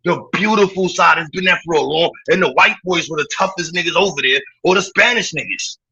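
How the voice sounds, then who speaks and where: A bright, high-pitched man with a husky edge and a New York accent, mocking and cursing his way through a livestream rant. He breaks into laughter between jabs. The sound is dull and lo-fi, like streamed audio. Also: a little fast. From Brooklyn, New York. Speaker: livestream host.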